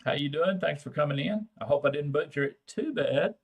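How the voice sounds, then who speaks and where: A man's voice: a little high, lively intonation, fairly quick, breathy edge. An older man with a Texan accent, hosting a casual, folksy chat with viewers in a drawling, salty way. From Texas. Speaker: livestream host.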